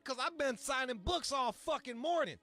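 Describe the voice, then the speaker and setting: A man's voice: extremely high pitch, lively intonation, normal speed, pushed and bright, soft background music. A man from Michigan telling a long, profane story in casual chat, full of asides and acted-out quotes. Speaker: podcast host.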